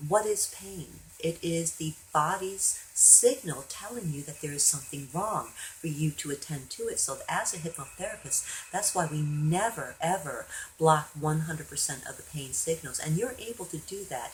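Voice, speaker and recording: Woman, low voice, hypnotherapist, chatty storytelling, faint ambient noise. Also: unhurried, low-quality recording. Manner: chatty, animated when quoting others. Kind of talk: storytelling monologue.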